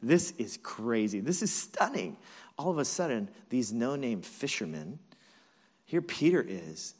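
A man's voice: medium pitch, sing-song, unhurried, darkish tone. A male pastor delivers a sermon in a loose, conversational storytelling manner. His voice sits in an ordinary middle range but moves a lot, rising and falling with emphasis as he walks through the passage.

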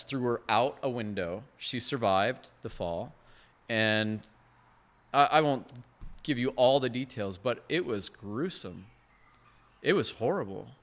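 A man preaching a sermon as pastor, earnest and conversational, swinging from hushed to emphatic. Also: medium pitch. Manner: conversational asides with short laughs.

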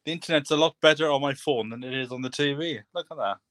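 A man's voice: fairly high pitch, quick pace, a bit bright, dry recording, clean studio sound. A man making a teasing, complaining aside during the stream. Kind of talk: casual aside.

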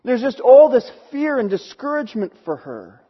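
A man's voice: very high voice, sing-song, normal speed, husky. A man preaching an earnest sermon, sometimes stumbling over his words, on a dull, lo-fi recording. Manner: earnest, with restarts when moved. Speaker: pastor.

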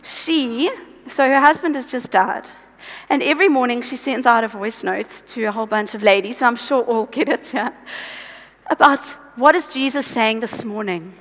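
A woman's voice: fairly high pitch, moderate pace, a bit bright. A woman preaching a conversational sermon. She exhorts earnestly, drifts into chatty asides, and her voice is tiring. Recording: long hall reverb.

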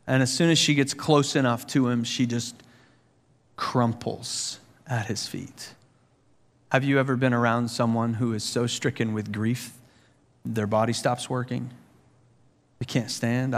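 Pastor guy preaching, earnest, gets fired up telling stories, big echoey hall. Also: medium pitch. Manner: earnest, with rhetorical questions, growing animated in stories. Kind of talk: sermon. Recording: long hall reverb.

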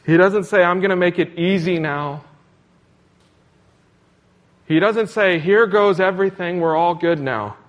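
A man's voice: high-pitched, unhurried, pauses often. A man preaching a sermon in an earnest, repetitive cadence, asking questions as he goes. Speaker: pastor.

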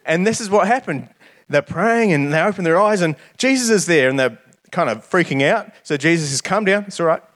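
A man's voice: a little high, lively intonation, a little fast, a bit bright. A man preaching a sermon in an earnest way, often repeating words as he starts his phrases.

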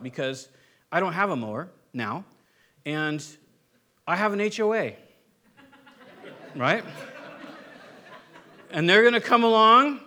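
A man's voice: sits high, lively intonation, slow, pauses often, pushed and bright. A man preaching a sermon to his church in a conversational way. He keeps checking in with "right?" and acts out the people in his examples. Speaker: pastor.

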